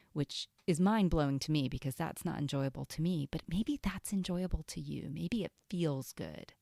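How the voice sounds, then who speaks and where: A woman hosting a self-help podcast, talking earnestly in a casual way and often dropping to a soft whisper. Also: low voice, normal speed, gravelly, hardly any pauses, no echo, studio quality. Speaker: podcast host and coach.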